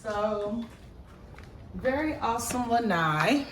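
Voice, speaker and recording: A woman's voice: fairly high pitch, expressive, slow pace, a bit bright, far from the mic, a little hiss or hum. A woman giving an enthusiastic walkthrough of a model home, gushing over the details. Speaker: real estate agent giving a home tour. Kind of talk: casual walkthrough tour. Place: model home, walking through rooms. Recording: echoey rooms, voice off-mic.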